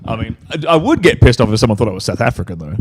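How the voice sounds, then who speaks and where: A man's voice: on the low side, big pitch swings, rapid-fire, a little mellow, a little hiss or hum. A man from Australia with an Australian accent, a guest in a casual conversation, blunt and laid-back.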